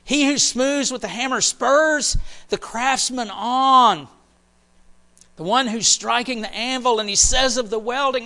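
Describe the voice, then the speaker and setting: A man preaching a sermon, animated, repeating phrases and dropping almost to a whisper for emphasis. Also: very high voice, measured pace. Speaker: pastor.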